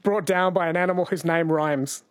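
Man, radio host, playful, slow when reading questions, fairly high voice, dry studio sound. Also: steady tone, no echo. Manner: playful, reads quiz questions slowly. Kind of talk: casual radio quiz chat.

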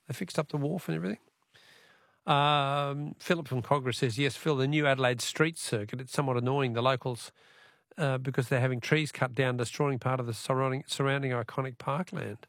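A man's voice: mid-range voice, vocal fry, fairly bright tone, dry recording, clean studio sound. An Australian man hosting a radio talkback quiz in a chatty, friendly way, with frequent fillers.

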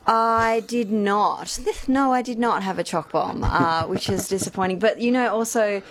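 A woman's voice: medium pitch, moderate pace, noisy background. A woman in casual chat, talking easily and laughing often.

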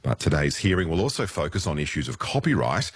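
Very deep-voiced male newsreader. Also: sing-song, quick pace, slightly rough, no echo. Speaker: news presenter. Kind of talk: scripted news presenting.

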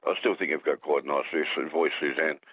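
A deep-voiced Australian man rambles and jokes as a phone-in caller, restarting his sentences often. His husky voice comes through a tinny, dry phone line. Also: steady tone, brisk. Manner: rambling, jokey, restarts a lot.

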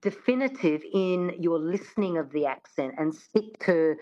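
A woman's voice: fairly low pitch, lively intonation, moderate pace, warm tone. A woman guest on a radio show, an accent coach, speaking enthusiastically and agreeably. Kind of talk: radio interview. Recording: dull lo-fi sound.

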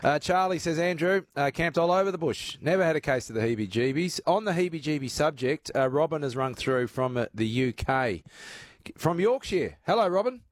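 A man's voice: on the high side, expressive, brisk, dry recording. A man with an Australian accent hosting talkback radio, chatty with many filler sounds. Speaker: radio host.

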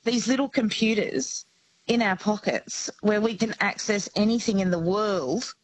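A woman's voice: mid-range voice, a little slow, no room sound, rough recording. A woman co-hosting a talk-radio show, chatting eagerly with callers. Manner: enthusiastic, chatty. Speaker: radio co-host.

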